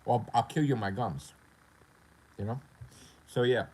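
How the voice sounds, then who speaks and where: A man's voice: mid-range voice, moderate pace, a little mellow, poor audio. A middle-aged man with a New York accent, ranting profanely and animatedly as a gaming streamer on a casual livestream.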